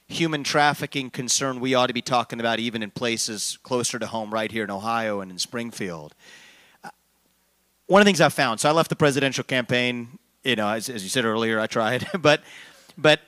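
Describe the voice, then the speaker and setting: A man's voice: medium pitch, a bit bright. A man hosting a town hall meeting, answering questions fluently with jokey asides and a rallying close. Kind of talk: public town hall remarks.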